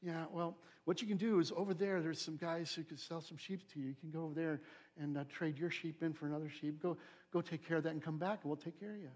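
A man's voice: a little high, fairly even intonation, fast, darkish tone, lightly acted. A man voicing a brusque, dismissive male temple official who turns a worshipper away in a retold story. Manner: brusque, dismissive, matter-of-fact.

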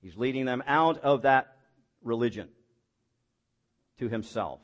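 A man's voice: medium pitch, animated, unhurried, dull audio. A pastor preaching a sermon in a mid-range male voice. He builds to emphatic points with rhetorical questions and falls back to plain, folksy, self-deprecating asides.

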